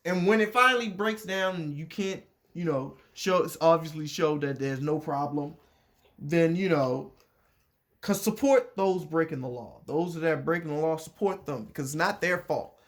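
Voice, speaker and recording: A man's voice: a little high, normal speed, a bit bright. A man reading a letter aloud and commenting on it in casual chat, repeating his points and restarting sentences as he goes.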